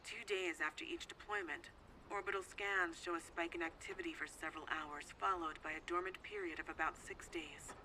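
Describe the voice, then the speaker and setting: A businesslike female mission briefer, played by a woman in a fan audio drama. She lays out facts plainly in a bright, slightly low voice. Faint ambience hums behind her. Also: fairly even intonation, fairly quick, a little hiss or hum, poor audio. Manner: briefing, matter-of-fact.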